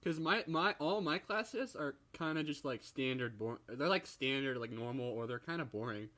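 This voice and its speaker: A young man on a podcast, casually chatting in a halting way with frequent restarts. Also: mid-range voice, lively intonation, pushed and bright. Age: young adult. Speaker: podcast co-host, college student. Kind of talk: casual chat.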